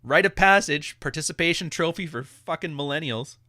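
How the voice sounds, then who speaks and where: A man's voice: fairly high pitch, fairly quick, pushed and bright, dry recording, studio quality. A man hosting a live podcast, ranting bluntly with lots of swearing and laughter. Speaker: podcast host.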